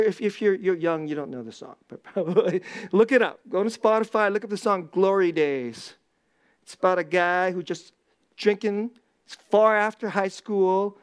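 A man preaching a sermon as pastor, intense and laughing often, dropping into low asides and rising to loud bursts. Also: clean tone.

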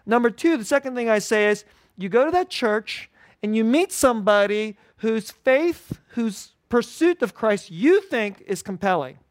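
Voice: medium pitch, lively intonation, unhurried, no echo, clean studio sound. A pastor giving an informal, conversational sermon at a church service, repeating key phrases and chuckling often.

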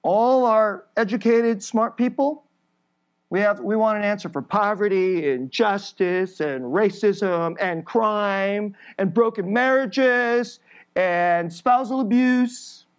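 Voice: mid-range voice, slow pace, clean tone. A preacher giving an emphatic sermon, building through repeated phrases and laughing briefly between points.

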